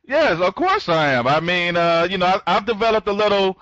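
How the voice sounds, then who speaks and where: A man giving a live online training talk as a program trainer. He rambles, restarts his sentences, greets listeners by name and speeds up when he gets excited. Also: sits high, fairly quick, dry recording, lo-fi sound.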